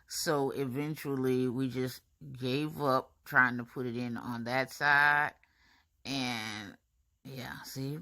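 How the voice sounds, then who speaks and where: A woman, chatting to viewers in a casual voice-over about her braces appointment. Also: a bass voice. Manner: chatty, animated, talks to viewers as y'all, honey and baby.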